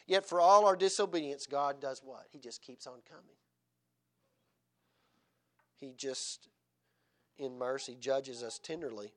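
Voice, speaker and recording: A male pastor preaching a sermon, swinging dramatically between loud exhortation and hushed tenderness, with frequent chuckles. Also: mid-range voice, a little slow, pauses often.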